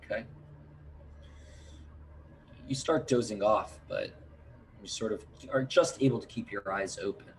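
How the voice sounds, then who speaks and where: A man narrating a tabletop game as game master in an unhurried, halting way, with many fillers. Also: fairly low pitch, a little hiss or hum, rough recording.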